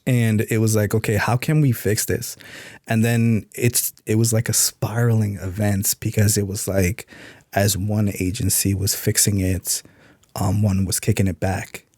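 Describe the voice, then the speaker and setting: A man's voice: lowish voice, level tone, a little slow, a little mellow, dry recording, clean studio sound. A middle-aged man, an author, telling stories in a laid-back casual interview. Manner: laid-back, acts out quoted voices in stories. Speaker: author and podcast guest.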